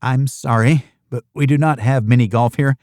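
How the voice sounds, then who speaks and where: A man with a medium-pitched, fairly even, slightly mellow voice, close to an everyday voice, speaks at a moderate pace in a dry, studio-quality recording. He is voicing a polite young American woman who works as a host at an island retreat, speaking courteously and eager to please.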